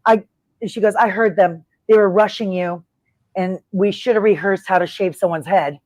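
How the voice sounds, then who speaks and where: Talkative, expressive woman guest. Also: medium pitch, normal speed, no room sound. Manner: talkative, expressive storyteller acting out quotes. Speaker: interview guest, former wrestler. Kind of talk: casual interview chat.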